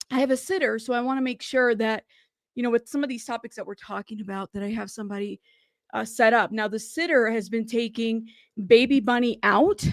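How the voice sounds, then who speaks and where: A woman hosts a casual live stream, talking straight to her chat in a fairly high, gravelly voice. She rambles warmly, apologizes, and keeps thanking viewers. The sound is dry and close, with no room echo. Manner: chatty and apologetic, often thanking chat and saying "y'all".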